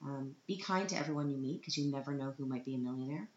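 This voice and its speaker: A woman's voice: extremely low pitch, quick pace. A woman, a mother, talking in a chatty, self-deprecating and joking way in a casual personal monologue. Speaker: mother giving a personal update. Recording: roomy, dull recording with faint hiss.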